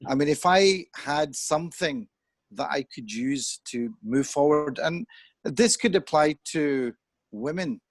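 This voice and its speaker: A man's voice: fairly high pitch, lively intonation, slow, no room sound. A man in his fifties talking through his views in an earnest, reflective way on a chat show, as if on a video call. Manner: earnest and reflective, thinking aloud. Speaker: discussion guest. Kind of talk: conversational discussion.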